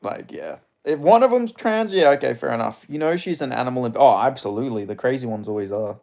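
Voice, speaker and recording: A man's voice: medium pitch, expressive, quick pace, vocal fry, darkish tone. Young Australian male streamer, crude and rambling, casual chat delivery, mid-range voice. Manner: crude, joking, rambling, reads chat questions aloud. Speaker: livestream host reading chat.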